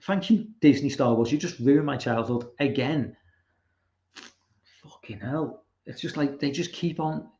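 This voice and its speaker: Reading chat aloud and rambling on, this young livestream host curses freely and keeps restarting his thoughts. He speaks at a measured pace with a medium-pitched, dark-toned voice, captured in a roomy, dull, lo-fi recording.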